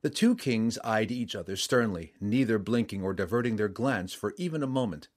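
A man reading a saga aloud in steady, measured scripted narration. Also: lowish voice.

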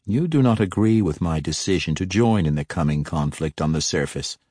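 A man's voice: low voice, no echo. A man playing a cold, growling drow matron. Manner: flat, even, near to a growl, slow. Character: cruel fanatical female drow matron, cold and menacing. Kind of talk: audiobook character voice.

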